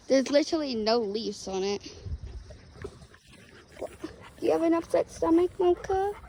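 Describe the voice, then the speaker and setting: A woman's voice: a little high, creaky, dark tone, rough recording. A woman dog sitting in a backyard, talking playfully to the dog in coaxing baby-talk, filmed on a phone. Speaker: dog sitter vlogger. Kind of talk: casual vlog talking to a dog. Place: backyard outdoors. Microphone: handheld phone. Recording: outdoor phone audio with background noise.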